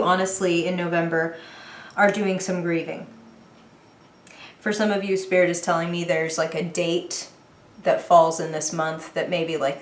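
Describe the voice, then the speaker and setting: A woman's voice: deep voice, slight background noise. Chatty woman doing a tarot reading. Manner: chatty, laughing, filler-heavy, speaks to viewer directly. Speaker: tarot reader. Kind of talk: casual tarot reading to camera. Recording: echoey room.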